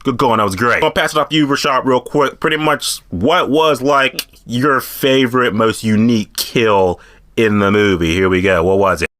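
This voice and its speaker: Man, bright tense voice, excitable, profane, casual review chat. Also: medium pitch, normal speed. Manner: excitable, profane, graphic retelling. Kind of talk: casual spoiler discussion.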